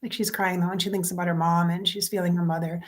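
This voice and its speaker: A woman doing a casual spoken psychic reading who talks straight to her viewers. She is chatty and emotional and often drops into soft, near-whispered asides. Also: lowish voice, level tone, quick pace. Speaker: psychic medium.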